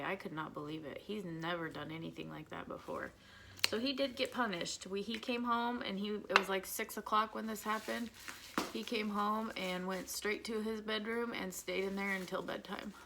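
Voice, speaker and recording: A woman's voice: medium pitch, gravelly, fairly bright tone, slight background noise, rough recording. A woman, chatting candidly as she does her makeup at home and venting about her son. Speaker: vlogger, mother of an autistic son. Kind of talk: casual makeup vlog chat.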